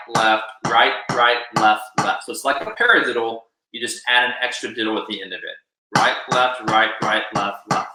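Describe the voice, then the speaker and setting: Speaking in a medium-pitched, sharp voice, a man leads a live online drum lesson, counting beats and cheering his students on. The room echoes, and drumming plays in the background.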